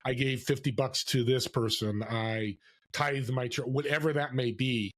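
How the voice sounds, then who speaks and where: A man telling stories as a podcast guest, lively and acting out the voices of people he quotes. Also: mid-range voice, unhurried. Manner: animated storyteller, acts out quoted voices. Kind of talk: storytelling interview. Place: California.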